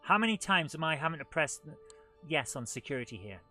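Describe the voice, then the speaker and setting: A man's voice: on the high side, very animated, brisk, bright, forceful tone, faint music behind. A man hosting a live gameplay stream, talking in an exasperated, grumbling way as things go wrong.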